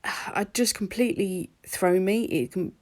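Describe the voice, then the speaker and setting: A woman's voice: medium pitch, a little slow, a little mellow. A woman narrating her nail art in a chatty, rambling voice-over recorded at home. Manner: chatty and rambling, with laughs and ums.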